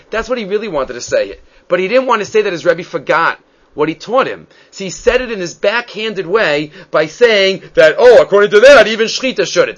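A man teaching a Talmud class, reading Aramaic texts and explaining them in an animated, searching way. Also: high-pitched. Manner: animated, acts out quoted rabbis. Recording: dull lo-fi sound.

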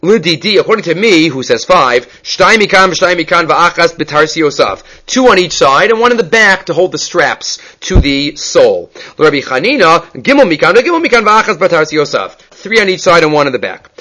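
Animated man teaching a Talmud class. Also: a little high, normal speed, few pauses. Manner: animated, rhetorical questions, mixes Hebrew terms.

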